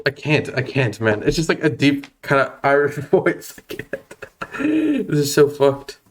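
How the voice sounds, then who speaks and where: Streaming a game, a man in his twenties chats casually with a nervous, self-deprecating manner, frequently stammering and laughing. His voice is mid-range and his pace is moderate.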